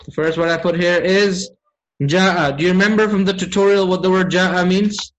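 A man teaching an online Arabic grammar class, often asking his students questions and reciting verses quickly. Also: high-pitched, fairly even intonation, highs cut off. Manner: engages students with frequent questions.

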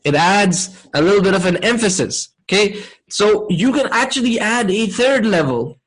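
A man teaching a class, explaining slowly and checking in with his students often. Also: high voice, expressive, fairly bright tone, rough recording. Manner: slow, deliberate explaining. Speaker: Arabic grammar teacher.

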